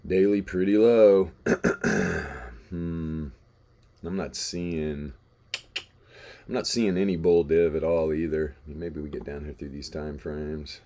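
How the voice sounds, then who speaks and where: A man's voice: extremely low pitch, fairly even intonation, slow pace, a little mellow. A man hosting a live trading stream, chatting casually about charts, swearing and laughing as he tells stories. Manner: laid-back, swears, laughs while telling stories.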